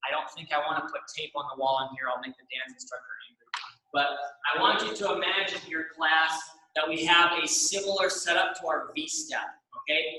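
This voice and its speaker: A man's voice: on the high side, pushed and bright. A young man teaching an exercise class, guiding stretches with countdowns and frequent "all right?" check-ins in a studio room. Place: dance studio room, indoors. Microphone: camera in the room, turning away at times. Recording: echoey room.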